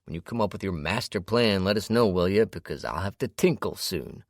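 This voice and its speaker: A man's voice: low voice, animated, a little fast, pitched above the performer's own voice. A man voicing a blunt, joking adult male survivor who teases his friends crudely, in an audiobook. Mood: teasing. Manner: teasing, crude.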